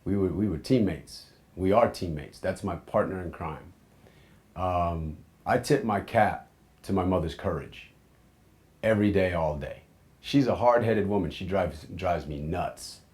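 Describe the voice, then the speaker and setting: A man in his forties from the United States, telling his life story in a candid, reflective way, often dropping into soft, low asides. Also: a little slow.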